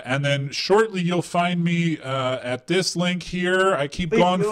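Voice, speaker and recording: A man's voice: mid-range voice, fairly bright tone, clean tone. A man hosting a live call-in stream, chatting casually and rambling with lots of fillers before singing karaoke. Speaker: live call-in show host.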